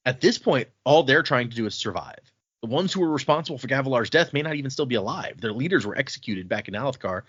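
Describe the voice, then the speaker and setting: Male podcast host, casual and rambling, average pitch, dry and somewhat dull recording. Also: animated, fast talker, a bit bright, breathy edge, dry recording. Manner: chatty recap, frequent fillers. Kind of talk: casual book discussion.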